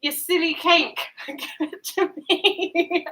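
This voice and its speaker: A woman's voice: extremely high pitch, steady tone, takes it slowly, pushed and bright, a little hiss or hum, poor audio. A woman chatting casually while baking in her home kitchen, giggling, exclaiming and swearing at the cake, picked up by a built-in device mic rather than a proper microphone. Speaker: streamer. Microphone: built-in device mic, not the headset mic.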